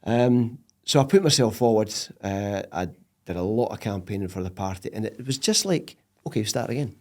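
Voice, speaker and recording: A middle-aged man with a Scottish accent, a podcast guest telling stories in casual interview chat, animated and laughing often. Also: on the low side, normal speed.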